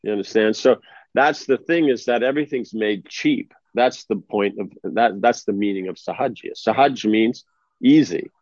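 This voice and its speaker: A man's voice: lowish voice, normal speed, darkish tone, no echo. Man teaching in a conversational discourse. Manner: conversational, asks listeners if they follow. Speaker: spiritual teacher. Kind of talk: informal religious discourse. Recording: dry, slightly dull lo-fi recording.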